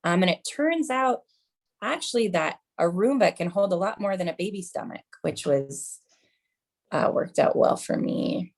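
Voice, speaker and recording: Brief: thirties woman comic, low-pitched but swinging wide, chatty mom humor. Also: lively intonation, moderate pace, creaky, a little mellow. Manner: chatty, keeps calling the crowd "you guys"; self-mocking mom jokes. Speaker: stand-up comedian. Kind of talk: stand-up set.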